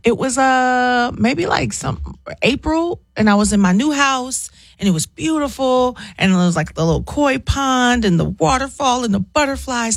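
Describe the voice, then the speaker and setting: A woman's voice: sits high, normal speed, hardly any pauses, no echo, studio quality. A woman in her thirties, a guest in a casual interview, telling stories and acting out other people's voices. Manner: animated storyteller, acts out voices.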